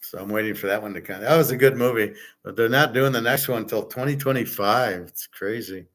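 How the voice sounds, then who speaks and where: A man with a somewhat low voice talks loosely to his viewers, hopping from one subject to the next. He is blunt and opinionated and never sounds scripted. It is relaxed, unpolished stream chatter. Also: a little fast. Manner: blunt, opinionated, wandering from topic to topic. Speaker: livestream host answering chat. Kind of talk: casual rambling chat.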